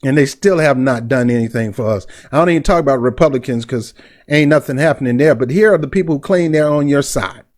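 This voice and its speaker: A man's voice: mid-range voice, fast talker, a little mellow. A middle-aged man hosting a commentary vlog, blunt and indignant, with street slang. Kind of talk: heated commentary.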